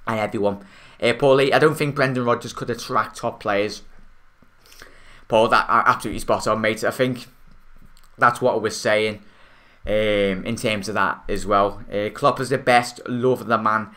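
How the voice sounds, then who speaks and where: A young man with a Liverpool Scouse accent hosts a casual football fan live stream. He talks in a rambling, chatty way, full of fillers and restarts, calling his viewers mate. His voice sits on the low side but has a bright, forceful edge. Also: fairly even intonation, normal speed. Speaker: football fan channel host. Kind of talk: casual live-stream chat reading comments.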